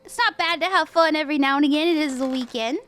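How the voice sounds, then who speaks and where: A young woman reading tarot on a live stream, gentle and reassuring, laughing easily. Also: high voice, fast, faint music behind. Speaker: tarot reader.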